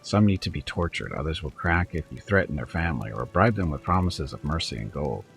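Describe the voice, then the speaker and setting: A man's voice: very deep voice, lively intonation, a little fast, gravelly, faint music behind, heavily acted. A man voicing a sly, hard-edged male kobold bard in a game, lecturing and probing as he talks. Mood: ruthless. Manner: probing, lecturing, cold when talking of traitors. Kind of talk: reading game dialogue aloud.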